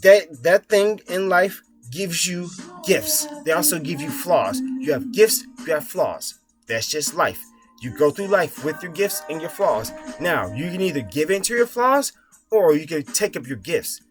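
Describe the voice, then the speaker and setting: A man's voice: fairly high pitch, big pitch swings, normal speed. A young man giving a blunt, profane, rambling motivational talk as the host of his own videos. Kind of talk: casual motivational monologue. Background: soft music playing.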